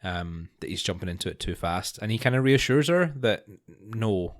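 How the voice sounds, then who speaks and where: A man co-hosting a podcast in casual chat, relaxed and often laughing softly. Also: lowish voice, a little fast. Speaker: podcast co-host.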